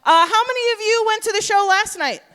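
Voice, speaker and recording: High bright-voiced woman in her 30s hosting a comedy show, super peppy crowd work, roasts herself. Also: fairly quick, slight background noise. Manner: high-energy crowd work, self-deprecating. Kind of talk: stand-up comedy. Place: live stage in a theater.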